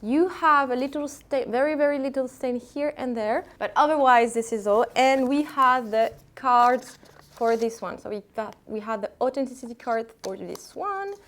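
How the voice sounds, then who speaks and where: Woman, French accent, non-native English, slightly high voice, chatty and hesitant. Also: moderate pace, fairly bright tone. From France. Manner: chatty, hesitant, many fillers and restarts. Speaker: vlogger selling secondhand luxury bags. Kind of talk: casual product showcase.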